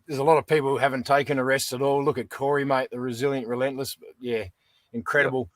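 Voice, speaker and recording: A man's voice: mid-range voice, flat delivery, fast, dry recording. A middle-aged Australian man, a veteran guest in a casual interview, talking bluntly and calling everyone "mate". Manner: blunt, folksy, peppered with "mate".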